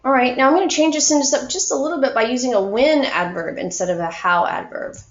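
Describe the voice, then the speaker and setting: Woman teacher walking kids thru grammar, patient n encouraging, kinda dull roomy recording. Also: high-pitched. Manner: patient, encouraging, slow and clear explaining. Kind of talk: recorded grammar lesson for young students.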